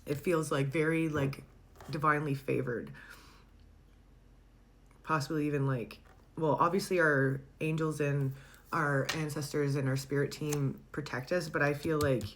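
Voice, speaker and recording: A woman giving a casual tarot reading, chatty and laughing often, sometimes pausing to search for the right word. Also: sits low, fairly even intonation. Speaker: tarot reader.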